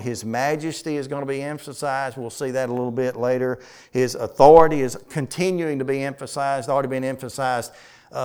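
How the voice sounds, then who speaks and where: A man preaching a Bible study, asking his listeners questions and reading scripture slowly with weight. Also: medium pitch, darkish tone, smooth. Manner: asks the congregation questions, reads scripture slowly with emphasis. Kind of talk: conversational sermon teaching.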